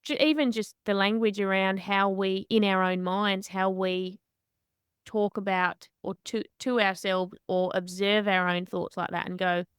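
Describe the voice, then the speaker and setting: Smooth-voiced woman podcast host. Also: medium pitch, measured pace, dry recording, studio quality. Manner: candid, animated storytelling. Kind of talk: conversational interview.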